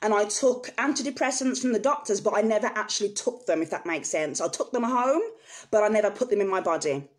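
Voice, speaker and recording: Woman vlogging straight to camera, earnest and emotional, telling her own story, mid pitched voice. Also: fairly quick. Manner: earnest and emotional, speaks frankly to viewers. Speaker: vlogger sharing personal experience. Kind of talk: candid personal storytelling to camera.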